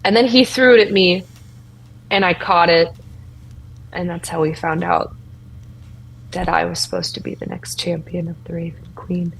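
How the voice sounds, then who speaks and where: A woman voicing a shy young female champion of a death goddess in a tabletop role-play, speaking haltingly with many restarts. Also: fairly low pitch, steady tone, creaky, slight background noise, low-quality recording. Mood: earnest.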